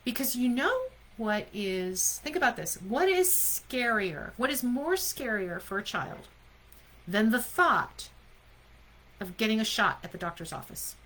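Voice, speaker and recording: A woman's voice: fairly high pitch, sing-song, measured pace, fairly bright tone, rough recording. A woman leadership coach giving a live online coaching talk. She speaks emphatically, keeps asking her listeners questions and often checks in with "right?".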